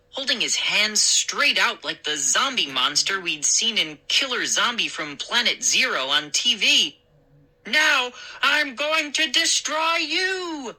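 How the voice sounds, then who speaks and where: A woman reading a scary children's story aloud as the show's storyteller, in a measured, expressive way. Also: mid-range voice, slightly rough, rough recording.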